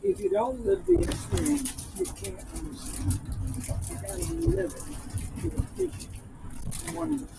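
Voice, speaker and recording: A man in his nineties, a war veteran, telling stories emphatically and repeating key phrases, with loud background noise. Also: very high voice, sing-song, unhurried, vocal fry. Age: 90s. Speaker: WWII veteran guest. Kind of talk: storytelling interview.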